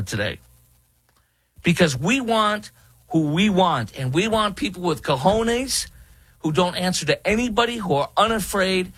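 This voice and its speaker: A man's voice: high voice, fairly bright tone, breathy edge, no echo, rough recording. A middle-aged man doing an opinionated political commentary, indignantly mocking the quotes he reads aloud and rebutting them.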